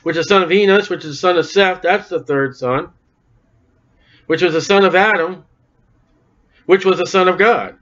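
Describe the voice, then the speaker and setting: A man's voice: high voice, moderate pace, long pauses, a bit bright. A man preaching a sermon, reading scripture aloud and breaking off for wry, folksy joking asides. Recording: dull lo-fi recording.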